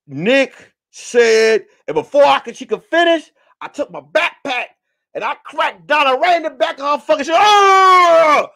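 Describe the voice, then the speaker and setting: A man hosting a comedy podcast, telling a rowdy story, shouting, swearing and acting out the voices. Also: on the high side. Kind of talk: animated comic storytelling.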